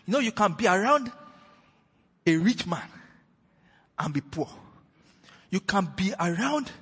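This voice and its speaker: Male preacher, fairly high and very husky, emphatic sermon delivery, reverberant church hall. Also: big pitch swings, a little slow. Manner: emphatic, swings between loud declaration and hushed retelling.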